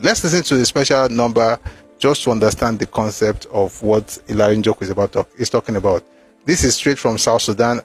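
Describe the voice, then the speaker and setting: A man's voice: medium pitch, a little fast, slightly rough, soft background music. A man reading passages from a war memoir aloud and breaking off with mocking, emphatic asides.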